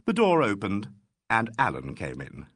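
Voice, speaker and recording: A man narrating a classic mystery audiobook with expressive, varied delivery. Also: lowish voice, measured pace, dry recording, clean studio sound.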